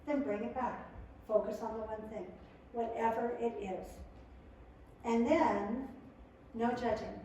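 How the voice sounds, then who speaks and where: A woman presenting to a live audience in a lively, conversational way, acting out quotes as she goes. Her voice sits a touch high. She is caught from a distance in a very echoey room with a faint hiss behind her. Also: a little slow, pauses often. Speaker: family skills workshop presenter. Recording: echoey room, mic far off.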